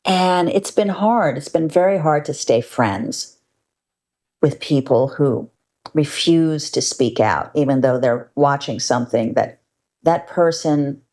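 Older woman, low-pitched, creaky, wry candid storyteller, casual and a bit salty. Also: lively intonation, slow, a little mellow. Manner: wry, candid, conversational, with mild profanity. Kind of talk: personal storytelling monologue.

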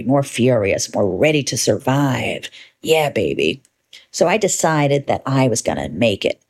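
A woman telling a personal story in an animated monologue, brash and emphatic, with playful, inventive cursing. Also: rumbling low, gravelly.

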